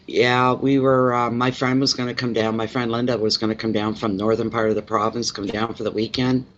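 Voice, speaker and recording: A man's voice: mid-range voice, flat delivery, a little fast, a bit bright. A man from Canada, a tarot reader chatting casually with viewers on a live stream, rambling and repeating himself as he greets people by name. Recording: slightly dull lo-fi audio.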